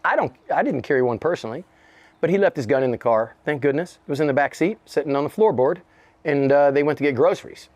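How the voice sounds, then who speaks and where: A man in his fifties with a slightly high voice spins a profane, animated story as an interview guest. He acts out the people in it and laughs often. The sound is dry and close, with no room echo. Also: fast talker. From United States.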